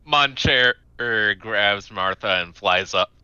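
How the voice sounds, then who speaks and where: Guy player in a tabletop game, slow and deadpan, bright edge to his voice. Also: on the low side, clear, resonant tone, lo-fi sound. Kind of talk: casual tabletop play.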